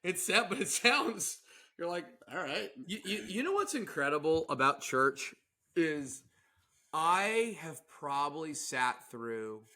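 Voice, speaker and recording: A young man co-hosting a podcast in casual chat, animated and rambling, often laughing and restarting his sentences. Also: a little high, takes it slowly. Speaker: podcast co-host.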